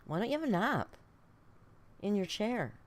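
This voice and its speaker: A woman's voice: medium pitch, sing-song, moderate pace. A woman hosting a casual live reaction stream from home, chatty and laughing as she scolds her cat between remarks. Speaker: reaction channel host.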